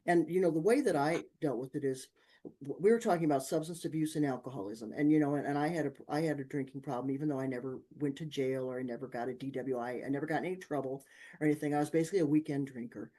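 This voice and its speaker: A woman guest on an interview show, telling lively personal stories and acting out the people in them. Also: a bass voice, fast talker. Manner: lively anecdotes with acted-out quotes. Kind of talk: conversational storytelling.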